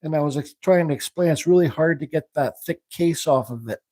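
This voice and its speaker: Male live-stream carving host, rambling, slightly high mellow voice. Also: a little fast, dry recording. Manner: rambling, thinks aloud while working; reads viewer questions aloud. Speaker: woodcarving livestream host. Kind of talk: casual live demonstration chat.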